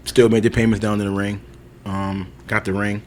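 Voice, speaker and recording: A man's voice: fairly low pitch, little pitch movement, normal speed, a little mellow, a little hiss or hum. A young man telling a long personal story in casual podcast chat, loose and chatty with lots of fillers. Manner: loose storyteller, lots of "like" and "you know", laughs often. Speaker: podcast co-host.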